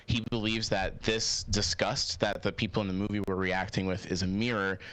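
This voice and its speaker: Low-voiced man, hesitant questioning. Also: flat delivery, normal speed, fairly bright tone, dry recording. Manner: hesitant, filler-heavy questioning. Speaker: interviewer. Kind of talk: casual debate-style interview.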